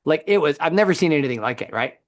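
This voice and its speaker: A middle-aged man co-hosting a faith podcast, telling a story in a lively conversational way with frequent restarts. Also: fairly high pitch, fast, dry recording, clean studio sound. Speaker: podcast co-host.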